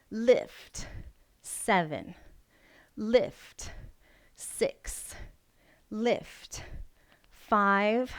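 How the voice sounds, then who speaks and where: Slow-paced smooth-voiced woman yoga instructor. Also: medium pitch. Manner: encouraging, counting reps aloud. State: breathing hard from exercising. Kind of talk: guided workout instruction. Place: home room.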